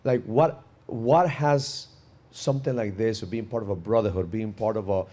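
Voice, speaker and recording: A man's voice: fairly low pitch, moderate pace, mellow. A man hosting a podcast, talking energetically and emphatically, often repeating words. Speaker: podcast host. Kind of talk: conversational interview.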